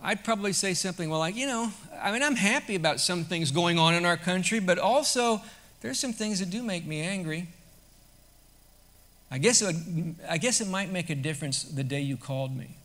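A man preaching a sermon to his congregation in a conversational way that swells to loud, emphatic peaks. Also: high voice, animated, normal speed. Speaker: pastor.

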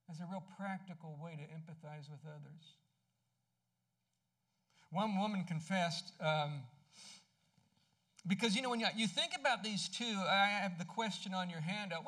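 Conversational pastor, man, fairly high voice. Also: moderate pace, pauses often, bright, forceful tone. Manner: conversational, asks the congregation questions. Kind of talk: sermon.

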